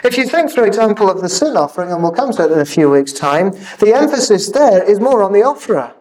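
High-voiced preacher heard from afar. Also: male voice, big pitch swings, a little mellow, recorded from a distance, low-quality recording. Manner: earnest, halting with repeated fillers. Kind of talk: sermon.

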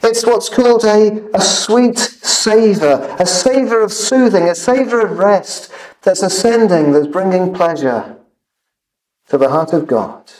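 Earnest male preacher, high-pitched, halting delivery, miked from a distance. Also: lively intonation, darkish tone. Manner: earnest, halting with repeated fillers. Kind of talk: sermon.

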